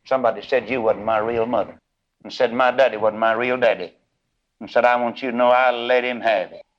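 Folksy preacher telling a story. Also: male voice, medium pitch, fairly even intonation, brisk, highs cut off. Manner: folksy, drawling storyteller voicing characters, building to chanted, sung climaxes. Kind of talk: sermon storytelling.

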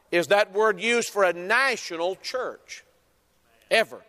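Man, high-pitched, preaching, slow emphatic cadence, reverberant hall. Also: animated, pushed and bright. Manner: deliberate preaching cadence, quotes scripture. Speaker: pastor. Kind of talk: sermon.

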